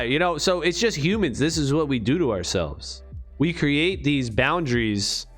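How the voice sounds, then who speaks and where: A man's voice: a little high, a bit bright. Profane rambling male vlogger. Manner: rambling, profane, rhetorical questions. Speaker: crypto vlogger. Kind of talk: casual profane monologue.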